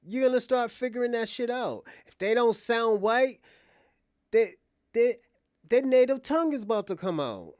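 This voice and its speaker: A man's voice: extremely high pitch, moderate pace, dry recording, studio quality. A man hosting casual commentary, talking bluntly with profanity. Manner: blunt, profane, animated storytelling. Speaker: host.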